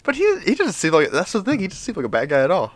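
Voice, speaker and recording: A man's voice: high-pitched, wildly swooping pitch, quick pace, dry recording. A man co-hosting a podcast in casual chat, laid-back and rambling. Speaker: podcast co-host.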